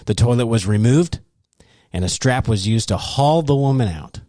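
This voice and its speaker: A man's voice: mid-range voice, normal speed, no echo, studio quality. A man hosting a casual podcast chat, telling stories with frequent laughter. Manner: animated storyteller who laughs often. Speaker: podcast host.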